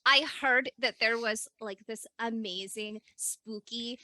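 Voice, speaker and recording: A woman playing a young, innocent and curious female adventurer, speaking hesitantly with many pauses. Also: a little high, sharp tone, no room sound, heavily acted. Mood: shy eager. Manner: hesitant, lots of "um". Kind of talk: tabletop role-play.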